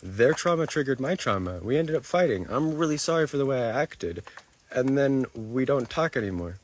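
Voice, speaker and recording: Husky-voiced man, lively and defensive. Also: mid-range voice, moderate pace. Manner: defensive, repetitive, swearing. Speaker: livestreamer. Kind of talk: livestream talk to chat.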